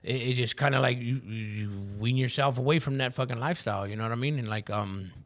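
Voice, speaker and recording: Man, podcast guest, gravelly voice, rapid rambling street talk with lots of swearing. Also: medium pitch. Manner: streetwise slang, frequent swearing, rambling asides. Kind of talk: personal recovery story in casual talk.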